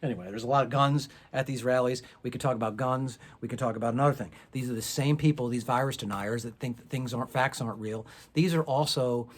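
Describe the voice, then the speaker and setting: A man's voice: medium pitch, quick pace, hardly any pauses. A middle-aged man doing a profane, sarcastic stand-up set to a camera on his back porch outdoors, with no audience. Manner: sarcastic, ranting, profane, rising to loud outbursts. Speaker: stand-up comedian.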